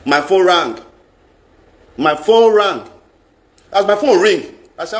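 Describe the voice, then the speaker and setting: Nigerian man, high pitch, emphatic live-stream vlogger, echoey room. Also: lively intonation, takes it slowly. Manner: emphatic, repeats phrases, mixes in pidgin. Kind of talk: casual live-stream rant. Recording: roomy echo.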